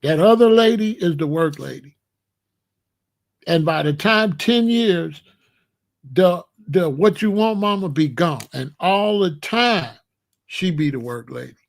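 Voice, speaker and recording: A man's voice: fairly high pitch, animated, slow, creaky, pauses often. A middle-aged man from the United States talking in a blunt, emphatic casual monologue, often repeating himself. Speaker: commentary channel host.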